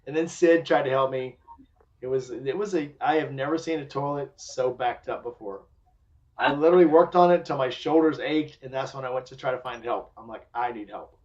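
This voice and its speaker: A man hosting a podcast, telling a story in casual chat, profane and animated, acting out what people said. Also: mid-range voice, a little fast. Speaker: podcast host. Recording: dull lo-fi sound.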